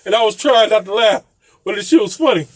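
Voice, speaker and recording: A man's voice: high voice, fast talker, dry recording. A man casually telling a profane story, laughing often. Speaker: vlogger telling a landlord story.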